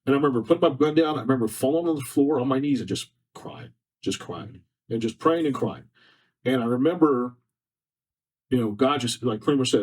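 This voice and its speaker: A man's mid-range, slightly mellow voice moves at a fairly quick clip as he opens up on a podcast. As a guest, he tells a personal story with earnest emotion and keeps repeating himself. Because of a faulty setup, the mic is distant.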